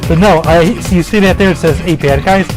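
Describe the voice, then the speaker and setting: A man's voice: fairly high pitch, a little fast, over music. A man giving casual, rambling gameplay commentary, full of fillers, restarts and the odd swear word. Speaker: gaming commentator.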